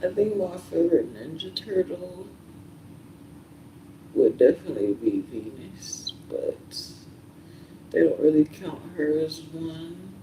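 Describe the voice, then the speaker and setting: A soft-spoken young man rambles casually, drifting between thoughts with plenty of fillers. His voice sits high and swoops around, and he speaks unhurriedly. He is picked up from a distance in an echoey room. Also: expressive, a little hiss or hum. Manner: soft-spoken, meandering, many fillers and pauses.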